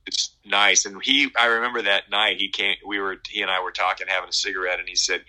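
A middle-aged man talking in a casual interview, rambling and halting with many fillers and restarts. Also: fairly low pitch, pushed and bright, rough recording. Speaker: guest musician.

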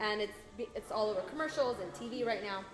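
A woman's voice: mid-range voice, fast talker. An American woman chatting casually, patiently explaining English words and laughing easily. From United States. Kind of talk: casual conversation. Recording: roomy echo.

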